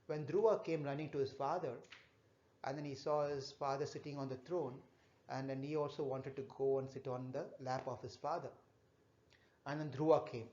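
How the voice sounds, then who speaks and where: A man's voice: medium pitch, steady tone, a little mellow. Man telling scripture stories to children. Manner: halting, repetitive storytelling with fillers, asks the children questions. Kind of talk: storytelling class for children. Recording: echoey, dull room recording.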